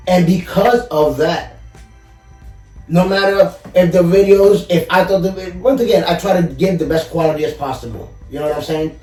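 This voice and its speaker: A man's voice: high voice, moderate pace, a little mellow. Earnest man telling a story, echoey. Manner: earnest, heavy use of "you know". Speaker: podcast guest, collector and YouTuber. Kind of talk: casual storytelling chat. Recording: echoey room, far from the mic, faint music.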